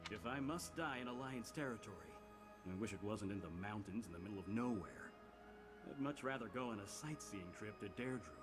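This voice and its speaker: A man's voice: mid-range voice, close to an everyday voice. An actor playing a tired, wry male knight who grumbles dryly. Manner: dry and grumbling. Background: game music.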